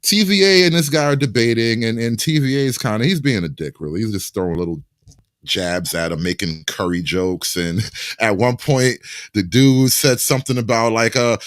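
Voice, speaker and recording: A man co-hosting a casual chat and telling an animated story, laughing often. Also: mid-range voice, normal speed, no echo, studio quality. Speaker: co-host.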